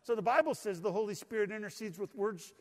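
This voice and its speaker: High-voiced older male pastor in a reverberant hall. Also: quick pace. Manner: conversational, folksy preaching with humor. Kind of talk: sermon. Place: church sanctuary.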